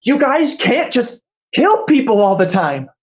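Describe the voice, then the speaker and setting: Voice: mid-range voice, big pitch swings, a little slow, voice pushed up, rough recording. A game master voicing a furious, overwhelmed woman survivor. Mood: exasperated. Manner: outraged, pleading. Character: distraught adult woman survivor, angry and overwhelmed. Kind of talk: tabletop role-play.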